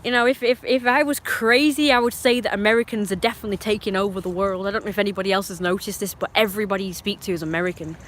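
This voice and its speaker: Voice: medium pitch, steady tone, rapid-fire, hardly any pauses, fairly bright tone. A live streamer with an English accent, talking in a meandering, opinionated way with frequent restarts and asides. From England. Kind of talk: rambling casual chat on a live stream.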